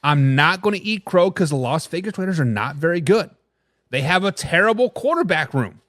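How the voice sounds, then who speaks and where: A man's voice: lively intonation, a little fast, a bit bright, dry recording, clean studio sound. A man hosting a live NFL talk stream, brash and opinionated, reading fan comments and answering them directly. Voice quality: high, twangy voice. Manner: brash, opinionated, talks straight to chat. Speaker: sports talk show host.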